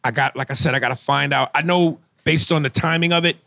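Brash, bright-voiced male podcast host. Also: on the high side, fairly even intonation, quick pace, vocal fry, no echo. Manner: brash, profane, teasing. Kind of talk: casual podcast banter, reading emails.

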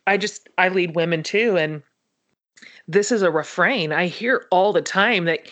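A woman's voice: on the low side, a little slow, a bit bright. A woman co-hosting a podcast who encourages her guest and affirms what she hears. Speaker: podcast co-host. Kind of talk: supportive conversation.

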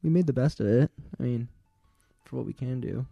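A man's voice: medium pitch, brisk, vocal fry, no echo, highs cut off, faint music behind. A man guesting on a show, chatting casually and rambling in a laid-back way. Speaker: guest, host's boyfriend. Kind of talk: casual chat.

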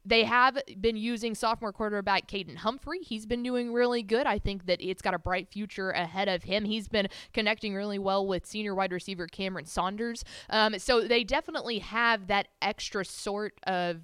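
A woman's voice: mid-range voice, steady tone, brisk, few pauses, a bit bright, smooth, dry recording. A woman co-hosting a sports podcast, chatting casually and rattling off game stats in an upbeat way. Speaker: podcast co-host.

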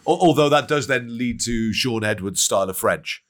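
A man, chatting on a podcast, agreeable and quick to laugh. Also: mid-range voice, a bit bright. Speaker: podcast co-host. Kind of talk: casual podcast chat.

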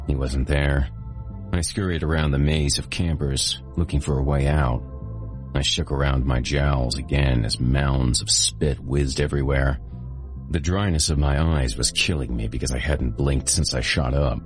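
A man hosting and narrating a horror audiobook in a steady first-person storytelling manner. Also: rumbling low, normal speed, faint music behind. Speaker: host and narrator.

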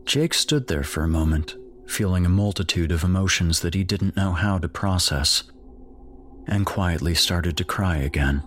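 A man narrating a scripted horror story in a steady, measured way. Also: low-pitched, a little hiss or hum.

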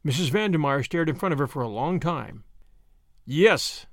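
Lively, high-voiced man narrating a story. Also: fast, no echo, clean studio sound. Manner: expressive, dramatic reading. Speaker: storytelling podcast host and narrator. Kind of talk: scripted audiobook narration.

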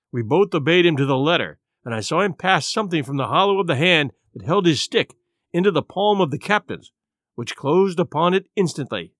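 Male audiobook narrator, slightly high voice, dramatic storybook reading. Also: lively intonation, fairly quick, fairly bright tone, dry recording, studio quality. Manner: dramatic, varied pacing.

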